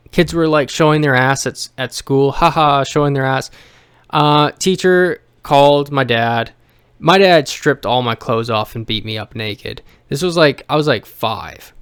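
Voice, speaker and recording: A man's voice: mid-range voice, unhurried, fairly bright tone, clean tone, no echo, clean studio sound. A man venting emotionally to camera in a personal vlog rant, blunt and profane, rambling with restarts. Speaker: vlogger.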